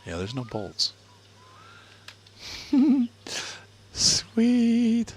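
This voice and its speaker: A man's voice: extremely high pitch, wildly swooping pitch, very slow, slight background noise. A middle-aged man and father casually commenting on a car-building video game, thinking aloud and chuckling. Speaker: let's play host, father.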